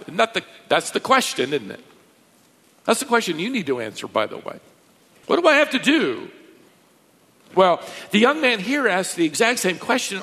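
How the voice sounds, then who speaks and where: A man preaching a verse-by-verse sermon as a pastor, emphatic, pushing his pitch and volume up to stress points. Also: a bit bright. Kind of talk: expository sermon. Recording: long reverb of a large hall.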